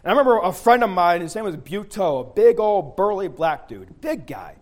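A preacher with a noticeably high voice for a man delivers his sermon. He talks in a folksy, storytelling way, circling back to restart and repeat his phrases. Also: big pitch swings, moderate pace. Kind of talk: sermon with personal army story.

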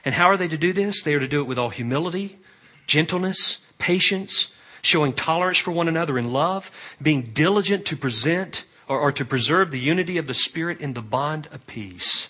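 Emphatic bright-voiced male preacher. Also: fairly high pitch, animated, fairly quick. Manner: emphatic preaching with sudden loud rises and quiet asides. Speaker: pastor. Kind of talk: sermon.

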